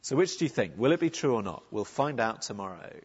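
A man delivers a sermon in a conversational, earnest way, often restarting his phrases. His voice is slightly husky, and it comes through a dull, muffled recording. A long reverb from the church trails behind him. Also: mid-range voice, sing-song, quick pace. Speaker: preacher.

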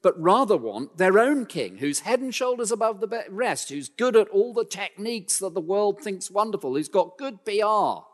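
A man preaching a sermon in an emphatic style, climbing in pitch and force for key points, then dropping low and quiet, with dry self-deprecating asides. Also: lively intonation, moderate pace, hardly any pauses, big-room sound.

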